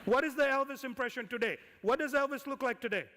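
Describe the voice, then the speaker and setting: A man giving a conference talk as an investor, lively and firing questions at the audience. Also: very high voice, fast talker. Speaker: conference speaker, angel investor. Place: conference hall. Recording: reverberant hall.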